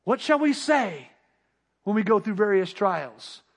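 A pastor delivering a sermon, building emphatic rhetorical questions and repeated refrains. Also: male voice, sits high, big pitch swings, a little slow. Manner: emphatic preaching.

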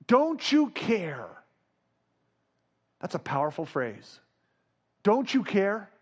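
A man delivers a sermon in a notably high voice. He builds to loud, urgent repetitions, then drops to low, hushed phrases for the calm moments. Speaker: preacher.

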